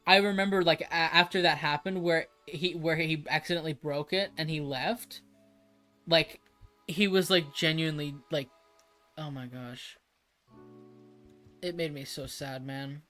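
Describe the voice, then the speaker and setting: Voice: mid-range voice, steady tone, a little slow, pauses often, pushed and bright, soft background music. Rambling, swearing livestreamer in casual chat. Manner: rambling and emphatic, frequent restarts and swearing.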